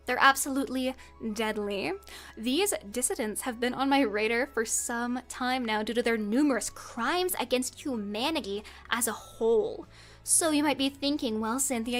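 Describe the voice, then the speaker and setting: High-voiced theatrical woman. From United States. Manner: mock-dramatic and theatrical, giggling between bits. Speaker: streamer. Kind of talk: in-character comedy skit.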